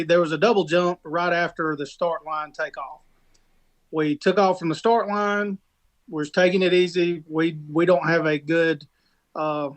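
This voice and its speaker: A man co-hosting a casual podcast, retelling a race crash in a rambling way full of restarts and fillers. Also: on the high side. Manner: rambling storytelling with many restarts. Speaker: podcast co-host and rock racer.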